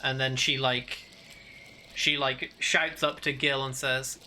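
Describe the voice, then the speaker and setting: Slow, halting male game master. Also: medium pitch, flat delivery, sharp tone, slight background noise. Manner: hesitant, full of fillers. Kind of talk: narrating a tabletop game.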